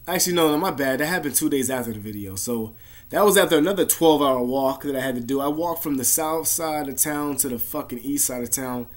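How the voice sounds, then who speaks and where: A man telling a personal story to camera in a rambling, heavily profane, emotional way, often trailing off into quieter stretches. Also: a little hiss or hum. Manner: trails off quiet and low at times. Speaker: vlogger.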